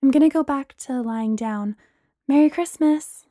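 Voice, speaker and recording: A woman's voice: sits high, moderate pace, no echo, clean studio sound, voice pushed up, natural voice. A woman voicing a sick, tired young woman speaking weakly in a read-aloud story. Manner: weak, quiet.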